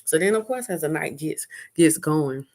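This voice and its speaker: A middle-aged woman telling a personal dating story casually, candid and profane. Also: moderate pace. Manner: candid and profane, with animated high-pitched quoting.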